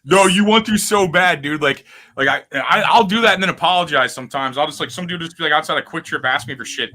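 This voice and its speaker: Fast-talking, bright-voiced man riffing. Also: fairly high pitch. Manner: rambling, profane, restless riffing. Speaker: podcast host. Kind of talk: casual chat.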